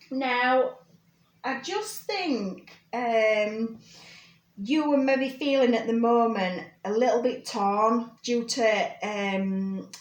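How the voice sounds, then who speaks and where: A woman giving a personal tarot reading, talking gently and reassuringly with many fillers and check-ins. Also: a little high, reverberant. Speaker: tarot reader.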